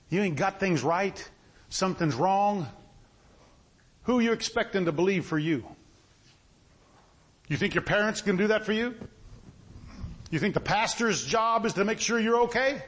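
A man preaching a sermon as pastor, impassioned and rising to loud bursts. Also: sits high, normal speed, pauses often, husky.

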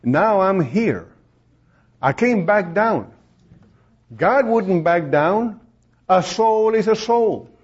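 A man with a high voice preaches from the pulpit, telling his story in a lively way and playing out the voices of the people in it. The recording is dull and lo-fi. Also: slow, long pauses, husky. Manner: storytelling, acts out quoted voices, laughs often. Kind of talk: sermon testimony.

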